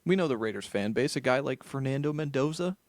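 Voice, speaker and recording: A man's voice: mid-range voice, lively intonation, fast, dry recording. A man co-hosting a football podcast, chatting casually and loosely, often restarting his sentences. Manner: loose, conversational, many restarts. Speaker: co-host. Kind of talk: casual chat.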